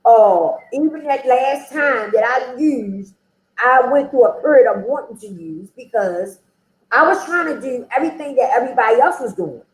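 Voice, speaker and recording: A woman talks candidly through her own story, speaking in a frank, conversational way with plenty of "you know." Her voice sits a little high. The recording has a roomy echo. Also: expressive, normal speed. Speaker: interview guest.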